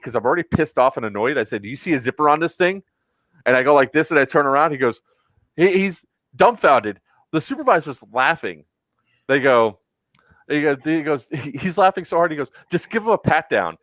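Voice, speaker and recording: Male podcast host, mid-range voice, animated and profane storyteller, dry close recording. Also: mid-range voice, no echo. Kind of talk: casual storytelling chat.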